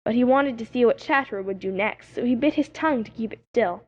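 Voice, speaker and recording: A woman's voice: fairly high pitch, fast. Woman reading a children's story. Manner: expressive storytelling. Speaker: audiobook narrator. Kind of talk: scripted narration of a children's story. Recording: dull lo-fi audiobook recording.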